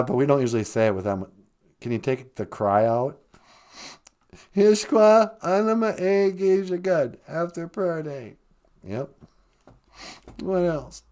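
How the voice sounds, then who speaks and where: A man with a low, dry, deadpan delivery hosts a comedic podcast. He speaks slowly and unhurriedly, sounding flat and unimpressed. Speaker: podcast host and language teacher.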